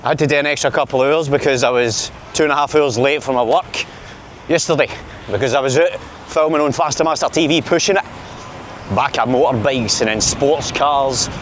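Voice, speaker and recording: With slight background noise, a medium-pitched voice talks a little fast: a Glaswegian Scottish vlogger walking city streets outdoors. He films himself handheld and chats jokily and casually with his viewers.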